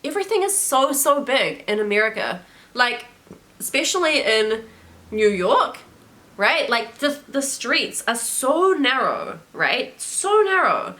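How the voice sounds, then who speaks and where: A woman's voice: a little high, sing-song, takes it slowly, pushed and bright. A young woman with a New Zealand accent, chatting casually and animatedly in a vlog, with lots of fillers. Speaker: travel vlogger.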